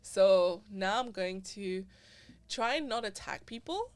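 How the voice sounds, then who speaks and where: A young woman, a podcast host being interviewed, chatting casually and acting out quoted lines with big jumps in pitch. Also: animated, takes it slowly, clean tone. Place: living in Dubai.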